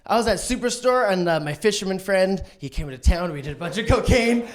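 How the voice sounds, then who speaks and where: A man doing a stand-up set, manic and swearing, who acts out other people's lines in a shrill voice. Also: expressive, a little fast. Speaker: stand-up comedian. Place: online streamed show.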